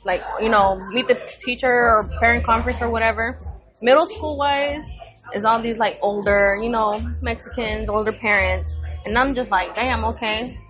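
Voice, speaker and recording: A woman's voice: a little high, normal speed, over music. A woman, a podcast co-host, talking frankly in casual chat.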